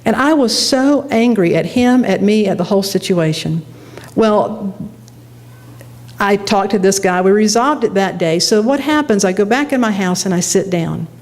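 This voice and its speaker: In her sermon, a middle-aged woman minister tells an animated personal story and pokes fun at herself with laughter. Her voice is medium in pitch, and she speaks at a normal speed.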